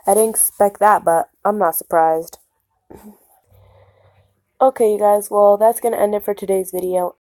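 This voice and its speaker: A woman's voice: mid-range voice, steady tone, normal speed, pauses often, warm tone, no room sound. A young woman casually reading a fan comic aloud, giving laughing asides. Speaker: comic reader.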